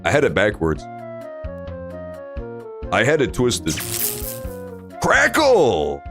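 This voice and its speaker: A man's voice: on the low side, big pitch swings, takes it slowly, over music. A man streaming a video game, joking and swearing while reading the story aloud. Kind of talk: casual game commentary.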